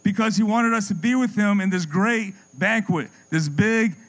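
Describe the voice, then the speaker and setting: Impassioned male preacher, higher voice. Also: moderate pace, rough recording. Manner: impassioned, dropping low and soft for effect; repeats words when building a point. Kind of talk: sermon.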